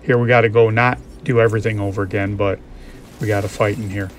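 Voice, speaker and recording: A man's voice: fairly low pitch, level tone, quick pace, a little hiss or hum. A man giving rambling, reflective commentary while playing a game, thinking aloud as he goes. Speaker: gaming YouTuber. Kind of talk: casual musing commentary over gameplay.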